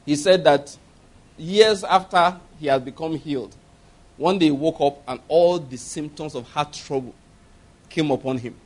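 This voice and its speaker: A man with a high voice preaching a sermon. He tells stories animatedly, acting out laughter and voices. He speaks emphatically, putting questions straight to the listeners. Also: measured pace. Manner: emphatic, addresses congregation directly.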